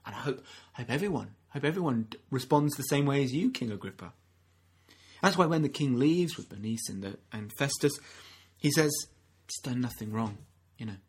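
A man's voice: mid-range voice, expressive, brisk, breathy edge. A man preaching a sermon in an earnest, conversational way, often restarting his sentences and acting out the people he quotes. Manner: earnest, acts out quoted speakers, frequent restarts.

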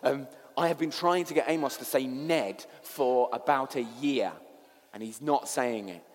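Pastor preaching in a reverberant hall. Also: male voice, medium pitch, unhurried. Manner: storytelling, shifting from hushed to animated. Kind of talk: sermon.

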